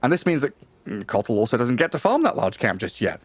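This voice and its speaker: A man doing fast, lively play-by-play commentary on an esports match. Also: medium pitch, slight background noise. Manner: quick, lively play-by-play calls. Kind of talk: live game commentary.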